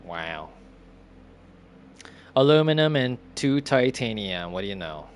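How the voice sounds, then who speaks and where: Talking to himself while he plays, a young streamer gives casual commentary, often baffled and quietly swearing. He has a lowish voice that swings widely in pitch and moves at a slow pace.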